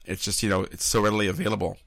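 Gravelly older American male host. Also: on the low side, level tone, racing, a bit bright, dry recording. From United States. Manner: rambling, enthusiastic. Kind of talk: casual interview chat.

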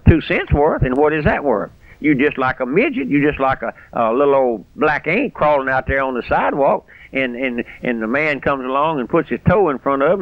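An older man preaching a radio sermon as pastor, fiery and rising to shouts on key phrases. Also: medium pitch, no room sound. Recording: dry, dull radio broadcast sound.

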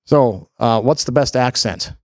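A man's voice: medium pitch, measured pace, no room sound, studio quality. A man hosting a podcast, asking questions loosely with restarts. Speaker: podcast host. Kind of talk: casual interview questions.

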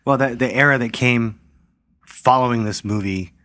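A man co-hosting a podcast, chatting casually and often pausing to search for words. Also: mid-range voice, fairly bright tone. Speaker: podcast co-host.

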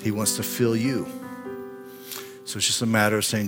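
A man in his sixties preaches a sermon in a church, telling a personal story with earnest emotion. He swings from impassioned, climbing lines to hushed, intimate appeals, with faint music underneath. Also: on the low side, little pitch movement, normal speed, pauses often. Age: 60s. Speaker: pastor. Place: church sanctuary.

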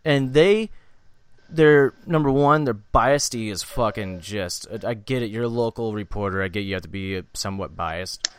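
A man's voice: on the low side, normal speed, clear, resonant tone. Swearing man chiming in on sports talk. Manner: agreeable, profane, chiming in. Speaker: podcast co-host. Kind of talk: casual sports chat.

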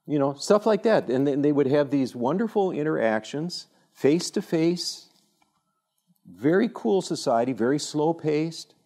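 Older male speaker, mellow voice, animated and digressive, telling anecdotes to younger listeners. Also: fairly high pitch, unhurried. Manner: animated, rambling storyteller with many fillers and restarts. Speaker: speaker addressing a younger audience. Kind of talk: informal talk with anecdotes.

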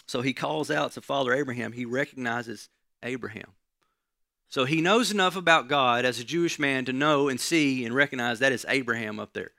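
A man preaching a sermon in a gravelly, bright voice. He teaches in a conversational way and keeps checking in with his listeners. The sound is dry and close. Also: medium pitch, brisk, no echo. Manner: conversational teaching, frequent "right?" asides.

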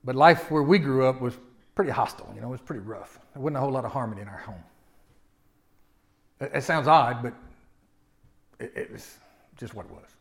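A man in his forties preaching a sermon, moving from quiet personal storytelling to loud, impassioned exhortation. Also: mid-range voice, brisk, vocal fry, long pauses. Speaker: pastor.

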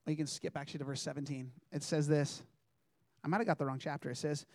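Earnest, slightly high-voiced man preaching. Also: fairly even intonation, quick pace, a little mellow, no room sound, studio quality. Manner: earnest, conversational, reads scripture aloud. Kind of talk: sermon.

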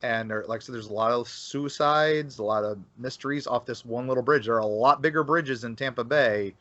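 A man's voice: mid-range voice, brisk, bright, forceful tone, no echo. A man talking as a podcast guest about local folklore, rambling with many fillers and restarts. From Florida. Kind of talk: casual podcast conversation. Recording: dull lo-fi, dry sound.

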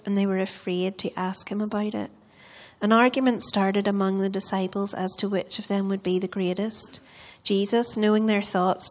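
Woman reading bible verses out loud, flat steady voice, no big ups and downs. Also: medium pitch. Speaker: scripture reader. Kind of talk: reading scripture aloud.

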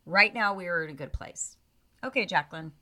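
A woman's voice: on the low side, brisk. A woman co-hosting a podcast over a video call, chatting casually and profanely, mocking people with put-on voices. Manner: animated, profane, mocking mimicry of cast members. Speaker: podcast co-host. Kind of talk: casual chat about reality TV.

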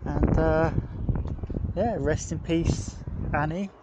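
A man's voice: a little high, fairly even intonation, takes it slowly. Man rambling into his phone outdoors. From England, grew up in Devon. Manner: rambling, reflective, with restarts. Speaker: podcast host. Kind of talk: casual walking monologue. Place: outdoors, walking past streets and a cemetery. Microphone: phone held while walking. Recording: phone recording outdoors with clear traffic noise. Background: passing cars and urban street noise.

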